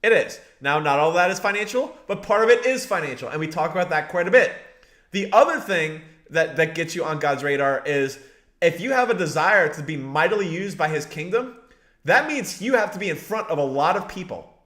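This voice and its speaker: A man's voice: on the high side, lively intonation, a little fast, a bit bright. A man preaching a conversational sermon, speaking straight to his listeners and repeating phrases for emphasis. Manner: addresses listeners directly, many restarts. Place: live stream broadcast.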